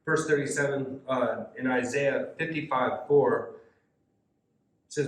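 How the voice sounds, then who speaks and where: A man's voice: medium pitch, unhurried, long pauses. A man leading a youth Bible study, reading scripture aloud and explaining it in a conversational way. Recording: echoey room.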